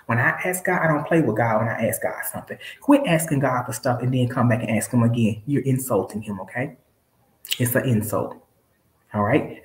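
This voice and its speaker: A woman's voice: very deep voice, reverberant. Emphatic woman preaching to her live viewers. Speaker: live-stream seller. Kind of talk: motivational live-stream talk.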